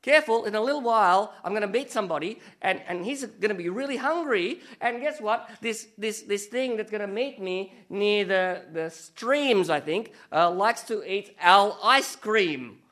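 A man's voice: high-pitched, animated, a bit bright. A man voicing a clever little male mouse who talks his way out of being eaten, urgent and pleading. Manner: urgent, pleading, talking fast to fend off predators.

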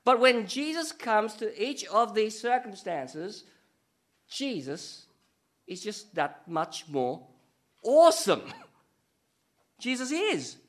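A middle-aged man preaching a sermon as pastor, animated and storytelling, with joking asides. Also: high-pitched, slow pace.

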